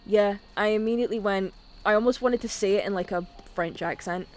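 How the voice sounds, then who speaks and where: A woman's voice: medium pitch, a little fast, darkish tone. A woman streaming a game, chatting casually, swearing freely and reading dialogue aloud. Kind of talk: casual gaming stream chat. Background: faint game music.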